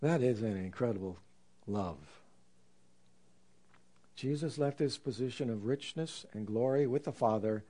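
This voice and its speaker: A man preaching a sermon in an earnest, reflective way, slowing down to stress scripture. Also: mid-range voice, dark tone. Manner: earnest, reflective, with slow emphatic scripture quotes.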